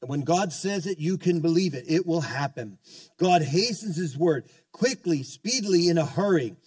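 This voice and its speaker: A man's voice: on the high side, lively intonation, moderate pace, a little mellow, no room sound, far from the mic. A man preaching a sermon as pastor, fervent, calling out to the congregation and often restarting his sentences. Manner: fervent preaching with call-outs and many restarts.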